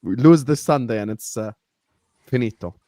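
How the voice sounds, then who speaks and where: A man hosting a live football talk stream, animated and laughing as he shouts out viewers by name. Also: medium pitch, normal speed, no room sound. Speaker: host.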